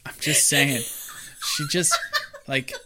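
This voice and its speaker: A man's voice: on the high side, takes it slowly, background noise. Guy on a podcast, joking around, retelling a movie scene by scene. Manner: joking, animated storyteller who acts out quotes. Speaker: podcast co-host. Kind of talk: casual chat recapping a film.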